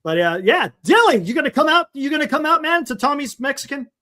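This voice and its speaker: A man co-hosting a casual sports chat, easygoing and quick to laugh, talking over a video call. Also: extremely high pitch, very animated, pushed and bright. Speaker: co-host.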